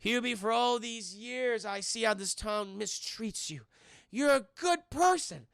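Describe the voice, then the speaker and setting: A man voicing a scheming, vengeful middle-aged mother in a high, shrill, pleading voice that builds to shouts. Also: expressive, measured pace, creaky, no room sound, clean studio sound, heavily acted.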